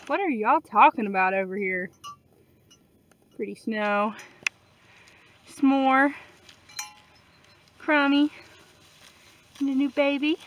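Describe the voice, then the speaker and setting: Out in a pasture, a woman homestead vlogger chats casually, cooing baby talk at her goats and calling them over. Her voice is high-pitched and a little bright.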